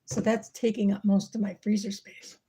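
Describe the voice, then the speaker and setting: Mellow-voiced woman chatting on a livestream. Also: medium pitch, flat delivery, moderate pace, a little hiss or hum. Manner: chatty, thinking aloud while working. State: losing her voice. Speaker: livestream host. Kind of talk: casual kitchen livestream chat.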